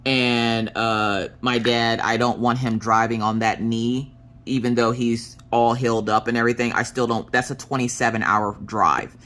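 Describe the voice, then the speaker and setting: A woman in her thirties, a crafting vlogger, telling stories in a chatty, animated way with joking asides. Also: a bass voice, moderate pace. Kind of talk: casual storytelling chat.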